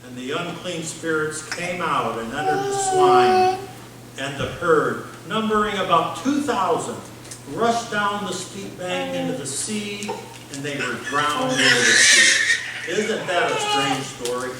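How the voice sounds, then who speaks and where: A male pastor preaching with a high, lively voice that swings up and down. He talks slowly and playfully, dropping in sound effects and questions for the congregation. He is heard from a distance in a very echoey church, with noise underneath. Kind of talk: sermon. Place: church sanctuary.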